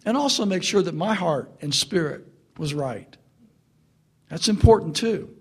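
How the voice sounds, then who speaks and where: A middle-aged man preaching through a family story, swinging from loud laughter to hushed earnestness. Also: sits high, lively intonation, measured pace, husky. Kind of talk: storytelling sermon.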